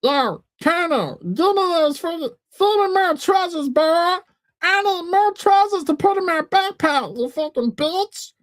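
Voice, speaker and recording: A man voicing a cranky, foul-mouthed male slug creature in a high, squeaky, cartoonish voice, rude and demanding. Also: lively intonation, unhurried, fairly bright tone, no room sound, full character voice.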